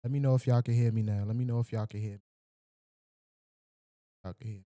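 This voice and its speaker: A man's voice: medium pitch, fairly even intonation, quick pace, warm tone, dry recording, studio quality. A man hosting a livestream, chatting casually with his viewers in a loose, slangy and profane way. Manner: loose, slangy and profane, talking straight to the chat. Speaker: livestream host. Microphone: desk microphone with mic checks.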